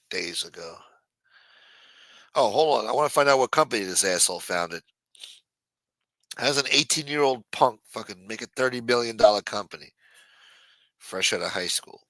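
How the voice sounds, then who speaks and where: A man's voice: lowish voice, animated, moderate pace, long pauses, bright, forceful tone, dry recording. A man hosting a late-night livestream, chatting casually and profanely while reading viewer messages. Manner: loose, profane, jokey banter reading viewer chats. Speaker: livestream show host.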